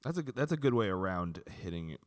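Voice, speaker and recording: A man co-hosting a podcast in casual chat, laid-back and quick to laugh. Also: deep voice, very animated. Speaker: podcast co-host.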